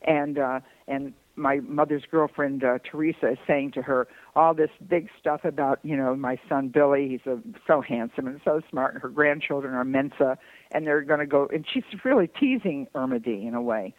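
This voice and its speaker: A man's voice: medium pitch, normal speed, dry recording, narrow, tinny audio. An older man from Detroit telling long, rambling anecdotes as a podcast guest, breaking into laughter now and then. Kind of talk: podcast conversation, storytelling.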